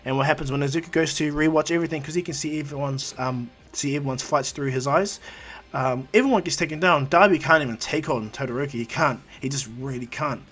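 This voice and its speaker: A man's voice: fairly high pitch, quick pace, a bit bright. Rambling male fan storyteller. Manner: rambling, filler-heavy, restarts. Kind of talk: casual fan-story retelling.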